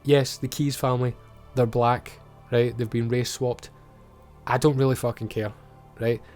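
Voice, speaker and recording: A man's voice: mid-range voice, little pitch movement, unhurried, darkish tone, soft background music. A man with a Scottish accent giving a casual, blunt and sweary recap of a TV episode. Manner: blunt, swears freely, chatty. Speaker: TV show reviewer.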